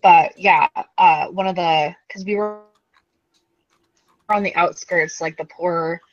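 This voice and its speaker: A woman's voice: on the low side, fairly even intonation, takes it slowly, dull audio. A woman recapping a tabletop game session in casual chat, rambling with lots of "um" and "like". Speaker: player recapping the last session.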